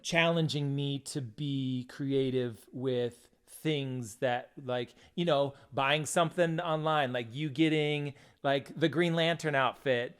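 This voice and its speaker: A man's voice: mid-range voice, clear, resonant tone. A man about fifty chatting casually with his husband, making dry, teasing remarks. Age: 50s. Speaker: podcast co-host. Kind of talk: casual chat with spouse.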